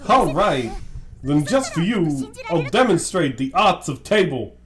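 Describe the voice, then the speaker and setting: Young man, lively casual storyteller. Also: on the high side, a little slow. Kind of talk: casual chat.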